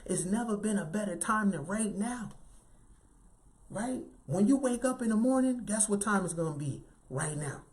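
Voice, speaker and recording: Speaking at an ordinary pace, a male motivational speaker delivers an emphatic, animated talk. His voice sounds high-pitched, light, and youthful, and he keeps tagging his points with "right?"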